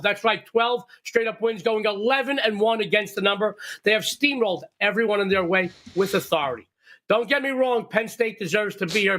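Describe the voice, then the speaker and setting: An older man giving sports betting picks in a loud, brash, self-mocking way. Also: high-pitched. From Sicilian heritage.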